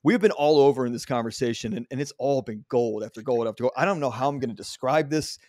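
A man's voice: medium pitch, fast talker, darkish tone, dry recording, clean studio sound. A middle-aged man hosting a podcast, telling personal stories in a candid way and often swearing. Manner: candid, profane storytelling. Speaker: podcast host. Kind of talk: casual conversation.

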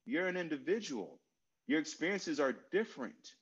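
A man in his forties answers at length in a casual conversation, drifting into personal stories and repeating his key phrases. He fills pauses with "um" and "you know". The recording sounds slightly muffled and lo-fi. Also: on the high side, sing-song, breathy edge. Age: 40s. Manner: storytelling, repeats phrases, many fillers. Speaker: guest speaker on mental health.

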